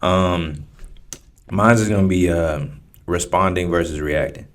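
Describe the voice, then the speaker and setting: A man's voice: low-pitched, measured pace. A man co-hosting a casual podcast, talking in a laid-back, rambling way with lots of fillers. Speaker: podcast co-host.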